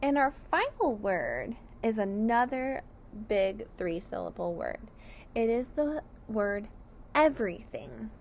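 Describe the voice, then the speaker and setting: A woman teacher slowly sounding out sight words, syllable by syllable, for young children. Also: fairly high pitch, darkish tone. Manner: clear, deliberate sounding out of each letter. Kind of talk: slow phonics lesson.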